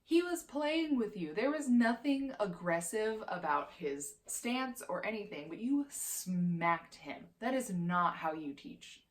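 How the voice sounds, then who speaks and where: A woman's voice: mid-range voice, very animated, takes it slowly, hardly any pauses. A woman in her twenties ranting as a vlogger, heated and profane, swearing constantly. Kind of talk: heated opinion rant.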